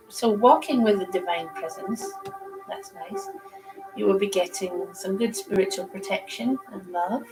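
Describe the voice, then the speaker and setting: Woman reading tarot live for viewers, chatty and rambling, mid-pitched, with clear music playing behind. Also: expressive, normal speed, low-quality recording. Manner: chatty, rambling, laughs easily. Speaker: psychic reader on a livestream. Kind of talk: casual livestream tarot reading.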